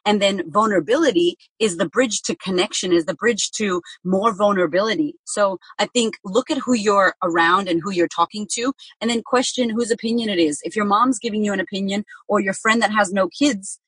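A woman talks frankly about motherhood, swearing freely and acting out what other people say. Her voice is a little husky. The recording sounds close and dry, with no room echo. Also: medium pitch, fairly quick, few pauses. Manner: blunt, profane, animated storytelling with acted quotes. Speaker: parenting guest. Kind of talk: candid podcast conversation.

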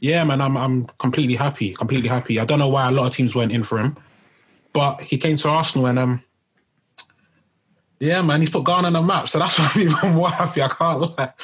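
Husky-voiced excited man chatting football. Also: medium pitch, quick pace, rough recording. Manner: excited, chatty, lots of fillers like "man" and "I can't lie". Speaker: podcast co-host. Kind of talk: casual football podcast chat.

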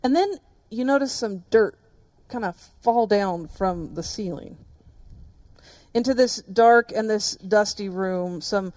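A woman's voice: mid-range voice, slow, darkish tone, dry recording. A woman pastor preaching a sermon, telling the story vividly and speaking directly to her listeners.

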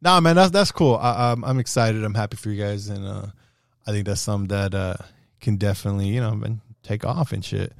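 A man's voice: on the low side, brisk, creaky, dry recording, clean studio sound. A man in his thirties hosting a podcast, chatting casually with a friend, laid-back, swearing a lot and laughing often. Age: 30s. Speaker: podcast host. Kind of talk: casual chat.

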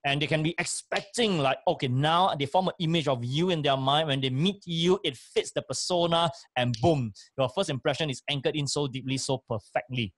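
A man's voice: fairly high pitch, fairly quick, hardly any pauses, dry recording, clean studio sound. A man giving emphatic, repetitive speaking advice on a talk show, with frequent fillers. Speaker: voice and speaking coach.

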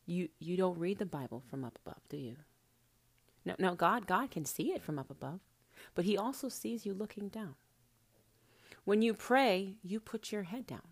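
Here the self-styled prophetess has a fairly low, creaky voice with a breathy edge, lively intonation and normal speed. Addressing the camera in a relaxed spiritual talk, she coaxes warmly, calls the listener honey, curses casually and at times drops to a soft whisper.

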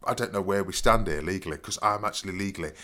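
A man's voice: deep voice, very fast, pushed and bright. A man telling a rambling story in casual chat, full of stammering restarts and "you know what I mean". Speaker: podcast co-host.

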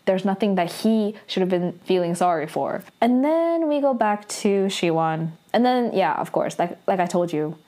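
A woman's voice: mid-range voice, animated, moderate pace, hardly any pauses, warm tone. Chatty young woman recapping episodes. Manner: chatty, full of "like" and "you know", laughing often. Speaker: drama recap vlogger.

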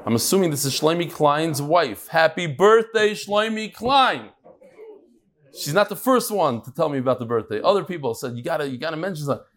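A man leads a live Talmud class, his voice pitched a little high for a man. He talks in a chatty way, makes asides and jokes to the people in the room, and drops Hebrew and Yiddish terms into his English.

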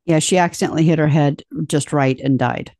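A woman with a fairly low voice adds corrections and details to a casual movie chat. Her voice sounds dry and close, with no room echo. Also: fairly even intonation, dark tone. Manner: quick corrections and interjections. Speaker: podcast co-host.

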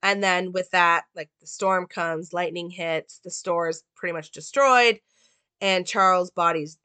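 A woman walks through a film's plot and meaning in a relaxed, rambling way. Her voice is bright and crisp, and the recording is dry with no room sound. She fills her pauses with "like" and "um.". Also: fairly low pitch, no room sound. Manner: loose, with many "like" and "um" fillers. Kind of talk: casual film analysis and plot recap.

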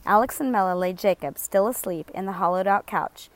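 A woman narrating a chapter of an audiobook in a steady, measured storytelling voice. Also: medium pitch. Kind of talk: scripted narration.

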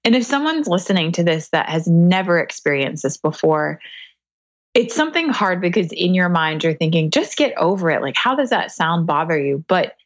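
A woman's voice: lowish voice, very animated, moderate pace, no room sound, dull audio. A woman guest in a casual podcast chat, talking candidly and laughing often.

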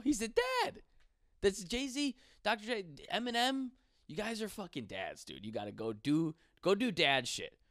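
A man's voice: a little high, no echo, clean studio sound. A man in his twenties, a stand-up comedian from western New York, ranting casually with lots of profanity. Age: 20s. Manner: profane, rambling, animated. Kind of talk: casual podcast rant.

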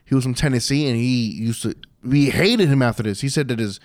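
A man's voice: mid-range voice, a little fast, no room sound, clean studio sound. A man in his twenties telling a long story in casual podcast chat, rambling with many restarts and swearing freely. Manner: rambling, profane, restarts and trails off. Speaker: podcast co-host.

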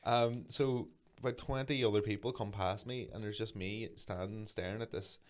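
A man in his thirties spins a sweary, lively anecdote in relaxed podcast chat. His voice sits a little low. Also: moderate pace. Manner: sweary, animated anecdote-telling. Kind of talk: casual storytelling chat.

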